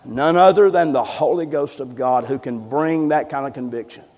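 A man preaching a sermon in a church, moving from hushed, low passages to loud, fervent ones. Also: moderate pace, long reverb tail. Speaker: pastor. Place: church sanctuary.

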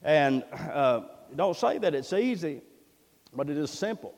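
High-voiced preacher in a reverberant hall. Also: male voice, very animated, unhurried. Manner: folksy preaching, building to loud emphatic peaks. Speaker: pastor. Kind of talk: sermon. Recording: long reverb in a church hall.

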